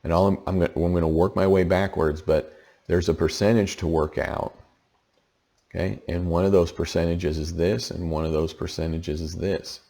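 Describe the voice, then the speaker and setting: A man with a very low, gravelly voice walks through a tax lesson in a loose, conversational way. He sounds tired from the late hour. He keeps pausing to ask "okay?" as he explains. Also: steady tone, warm tone. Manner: conversational, checks in with frequent "okay?". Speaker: tax educator.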